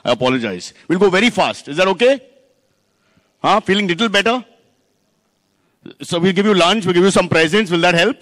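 A man with an Indian English accent hosting a car launch, teasing the audience and guests with quick jokes and bits of Hindi. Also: sits high, expressive, fairly bright tone. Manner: teasing, wisecracking, mixes in Hindi. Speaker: host of a car launch event. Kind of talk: joking emcee banter with the audience. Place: indoor launch event venue with live audience. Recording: reverberant event hall.

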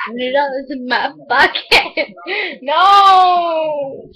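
A woman chatting casually on a home video, giggly and teasing, breaking into shouts. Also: high voice, animated, takes it slowly, rough recording.

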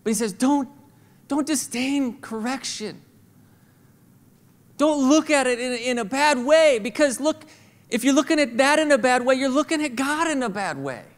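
A man preaching a sermon as senior pastor in a church, conversational and animated, acting out the voices of children and God. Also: very high-pitched, fairly quick. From St. Louis, Missouri. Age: adult with kids. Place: church auditorium. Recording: reverberant church hall.

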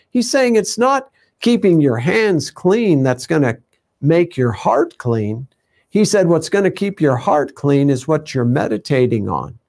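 A man's voice: fairly high pitch, darkish tone. A man teaching a conversational sermon, full of fillers and asides, acting out everyday voices as he goes. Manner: conversational, many fillers, acts out quoted voices. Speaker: teacher of a ministry show.

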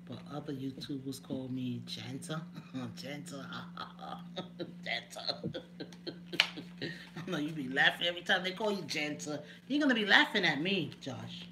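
A chatty woman on a home live stream talks to her viewers by name, laughing between remarks. The recording carries a clear hiss of background noise. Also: deep voice.

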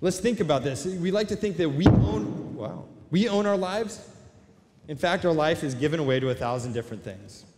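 A male pastor preaching a sermon in a large church, building from quiet questions to shouted, repeated declarations. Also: fairly high pitch, animated, moderate pace, background noise. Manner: rising to shouted, repetitive declarations. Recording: long hall reverb.

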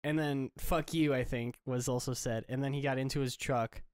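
A man's voice: mid-range voice, flat delivery, normal speed, a little mellow, clear, resonant tone, dry recording. A young man co-hosting a podcast, telling a rambling story with dry jokes in casual chat. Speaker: podcast co-host.

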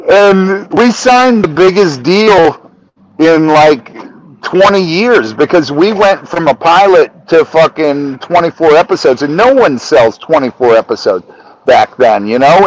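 A man on a podcast telling a story in casual, animated talk, swearing often and acting out the dialogue. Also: fairly high pitch, measured pace, poor audio. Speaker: podcast guest.

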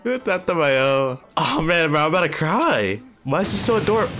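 Young male reactor, slightly high voice, gushing and excitable, show music playing under him. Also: normal speed, hardly any pauses. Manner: excitable, emotional, says "bro" a lot. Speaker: anime reaction YouTuber. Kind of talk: casual reaction commentary. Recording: anime audio and music playing behind. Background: show soundtrack music.

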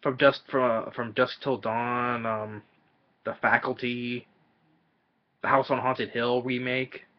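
A man giving a casual, rambling film review, halting often and restarting his sentences. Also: medium pitch, little pitch movement. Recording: dull lo-fi audio.

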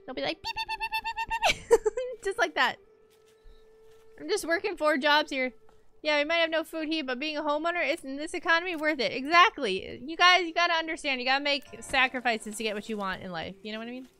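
A young woman streaming a game, chatting casually to her viewers, self-mocking and repeating words in quick loops. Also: sits high, animated, pushed and bright. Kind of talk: casual gameplay commentary.

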